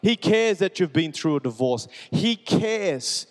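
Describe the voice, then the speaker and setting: Casting: male pastor, earnest sermon delivery, slightly higher voice, reverberant church hall. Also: lively intonation, a little slow. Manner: earnest, repetitive preaching cadence, shifting between soft and urgent. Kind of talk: sermon with personal testimony. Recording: long reverb of a large hall.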